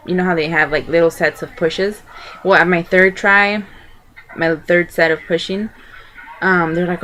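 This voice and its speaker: Rambling young woman with a lowish voice. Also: measured pace, fairly bright tone, a little hiss or hum. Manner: rambling, chatty, many fillers and restarts. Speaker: vlogger. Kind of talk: casual personal storytelling.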